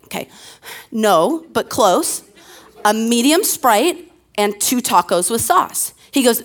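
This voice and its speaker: A woman's voice: on the high side, very animated, slow pace. A young woman pastor preaching from a church stage, talking casually into a handheld mic. She tells funny everyday stories in a loose, chatty way, full of fillers and asides, before easing into scripture. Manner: chatty, self-deprecating storytelling with fillers. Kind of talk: conversational sermon.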